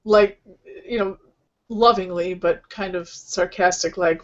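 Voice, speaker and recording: A woman hosting an online healing session, speaking gently and rambling, with many fillers and restarts. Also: fairly low pitch, steady tone, a little slow, muffled recording. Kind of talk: casual spiritual talk.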